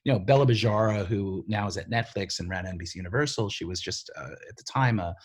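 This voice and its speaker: A middle-aged man, a TV writer and showrunner, telling stories in a casual interview, lively and full of fillers, acting out the voices of other people. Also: on the low side, fast. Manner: animated, filler-heavy storyteller who acts out quoted voices.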